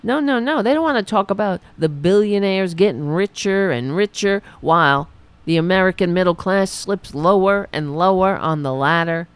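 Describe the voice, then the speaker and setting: A woman hosting a political commentary show, reading news items and breaking off into sarcastic, profane rants in a slightly raspy voice. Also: fairly low pitch, normal speed, dry recording. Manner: sarcastic, profane, reads news then riffs.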